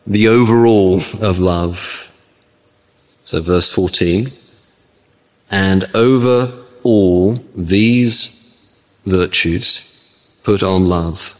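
A man preaching an expository sermon, talking through a Bible passage, his voice leaping high for emphasis and asking rhetorical questions. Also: long reverb tail.

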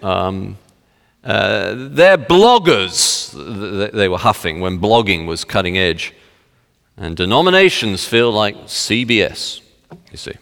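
Low-voiced preacher in a reverberant hall. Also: male voice, lively intonation, vocal fry, fairly bright tone. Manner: slow, solemn scripture reading, then chatty with filler. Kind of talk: sermon with scripture reading.

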